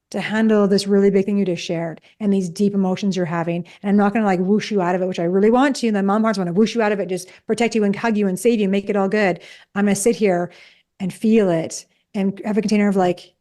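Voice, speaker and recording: Quick-talking woman psychologist in her forties. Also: medium pitch. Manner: quick, animated, acts out quoted dialogue. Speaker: psychologist and podcast co-host. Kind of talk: casual podcast conversation.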